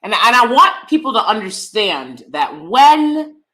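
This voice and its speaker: A woman's voice: fairly high pitch, very animated, unhurried, pushed and bright. A woman hosting a live review, an acting teacher who talks to her viewers casually, often repeating words and checking in with "right?".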